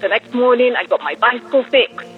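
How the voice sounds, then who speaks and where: A woman's voice: on the high side, lively intonation, fairly quick, narrow, tinny audio, faint music behind. Chatty woman telling a story. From England. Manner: chatty storytelling with many fillers. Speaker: caller. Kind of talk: recorded voicemail to a podcast.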